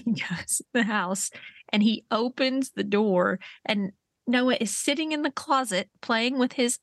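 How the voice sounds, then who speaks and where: A woman in her forties co-hosting a podcast, telling stories in a lively way and laughing as she talks. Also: a little high, dry recording, studio quality. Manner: animated storyteller, laughs through her telling. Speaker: podcast co-host. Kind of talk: casual chat.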